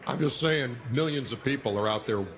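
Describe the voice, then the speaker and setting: A man's voice: medium pitch, fairly quick, slight background noise. A man hosting a TV studio panel, talking earnestly and emphatically, repeating his points. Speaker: studio host. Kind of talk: television studio panel talk.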